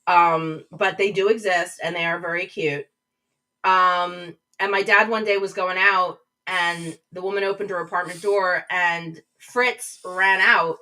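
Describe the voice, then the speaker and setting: A woman's voice: lowish voice, steady tone, measured pace, sharp tone, far from the mic, low-quality recording. A woman hosting a live stream, chatting casually and reading viewer comments aloud. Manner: chatty, reads chat comments aloud, rambling restarts. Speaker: livestream host. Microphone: webcam mic, a little back from screen.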